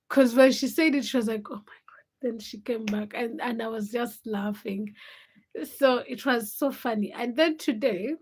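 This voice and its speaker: Young woman from Uganda, livestream host, chatty storyteller, slightly high voice. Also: a little mellow, husky. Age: young adult. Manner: chatty storytelling with bursts of laughter. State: sleepy. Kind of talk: casual livestream chat.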